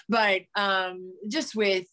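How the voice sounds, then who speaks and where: A woman's voice: mid-range voice, bright, forceful tone. A middle-aged woman co-hosting a sports podcast, talking loosely with lots of fillers and restarts. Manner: rambling, many fillers and restarts. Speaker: podcast co-host; former high school coach. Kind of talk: casual sports chat.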